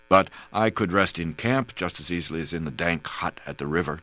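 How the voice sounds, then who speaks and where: A man reading a memoir aloud as an audiobook narrator, calm and measured. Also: low voice, rough recording. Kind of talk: scripted narration.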